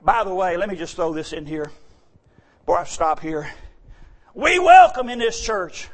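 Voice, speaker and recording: High-voiced shouting preacher man. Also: moderate pace. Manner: animated, often shouting, joking. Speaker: church speaker. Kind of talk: folksy joking sermon.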